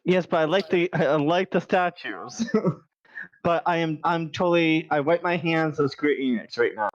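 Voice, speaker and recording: A man's voice: fairly high pitch, moderate pace, lo-fi sound. A man co-hosting a casual podcast, speaking in a laid-back, mildly grumbling way in short bits. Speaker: podcast co-host. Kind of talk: casual chat.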